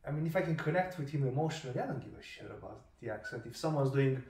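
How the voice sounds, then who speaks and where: A man hosting a casual interview podcast, talking in an animated, opinionated way and swearing casually. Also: mid-range voice, rapid-fire. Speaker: podcast host. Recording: roomy sound from a distant mic.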